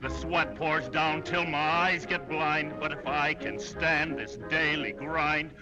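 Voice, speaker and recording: A cheerful working man in a 1930s musical number, with slow, hearty crooning in a high tenor. A loud orchestra plays under him on the old soundtrack. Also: lo-fi sound, music in the background. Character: cheerful working man singing through hard times. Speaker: singer in a film musical number.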